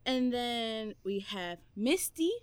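A woman's voice: a little high, expressive, takes it slowly, clean tone, no room sound. A woman from Puerto Rico, co-hosting a podcast in casual chat, talking freely and laughing easily. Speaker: podcast co-host.

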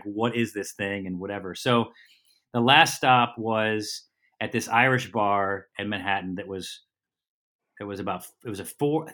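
A middle-aged man, a comedian and TV host, telling a casual, rambling story as a podcast guest and correcting himself as he goes. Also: on the low side. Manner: lively, rambling storyteller with quick self-corrections.

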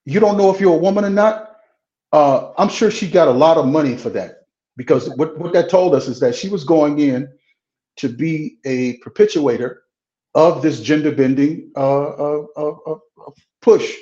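A blunt, plain-spoken man sits for a political interview, talking frankly and tripping over fillers as he pushes his points. His voice sits a little high for a man. The audio is roomy and echoey, with a dull, lo-fi edge. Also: normal speed, dark tone. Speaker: pastor and congressional candidate.

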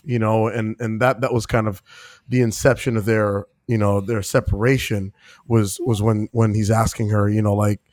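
A man's voice: lowish voice, no room sound, clean studio sound. A man co-hosting a film podcast, talking casually and rambling with lots of fillers. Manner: rambling with many "you know" fillers. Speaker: podcast co-host.

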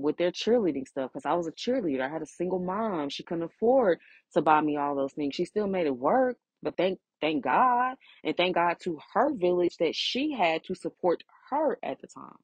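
A woman's voice: on the low side, animated, moderate pace, slightly rough, dry recording. A woman hosting her own podcast in a heartfelt solo monologue. She sounds emotional and close to tears, and she stresses her points by repeating phrases. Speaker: podcast host.

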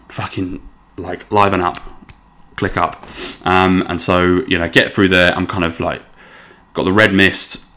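A young man telling a long story in a casual, rambling way, swearing freely and getting excitable. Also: low-pitched. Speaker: podcast host.

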